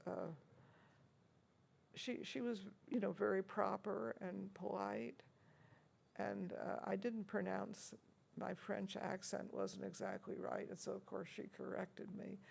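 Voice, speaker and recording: In a university room, an older organist recounts old encounters in a relaxed interview, full of anecdotes, fillers, and frequent laughter. Her medium-pitched voice is gravelly and husky yet a little mellow, with fairly even intonation and a slow pace.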